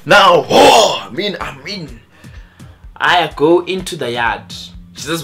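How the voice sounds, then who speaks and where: A young man from South Africa telling an animated storytime vlog, acting out the other people's voices. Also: fairly high pitch, normal speed, soft background music. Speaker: vlogger.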